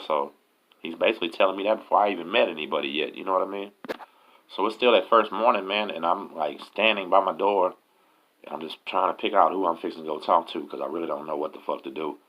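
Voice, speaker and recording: A man's voice: low voice, quick pace. A man casually telling a story, profane and full of streetwise slang. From Galveston, Texas. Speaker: host telling prison stories. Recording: dull lo-fi audio.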